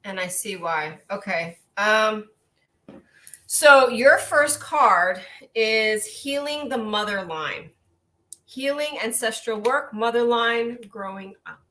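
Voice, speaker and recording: A woman coach giving a gentle, earnest oracle card reading on a live stream, rambling a little with restarts. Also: a little high, animated, takes it slowly.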